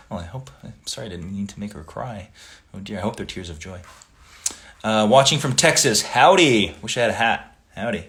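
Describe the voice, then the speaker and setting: A man hosting a casual livestream, reading viewer comments aloud and chatting back in a relaxed, friendly way. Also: on the low side. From Italian family background.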